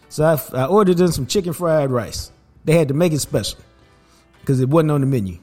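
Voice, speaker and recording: An older man with a drawl tells a family anecdote as a podcast host. He is casual and animated, jumping into little voices for the people in his story. His voice sits a touch high, with faint music underneath. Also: fairly quick.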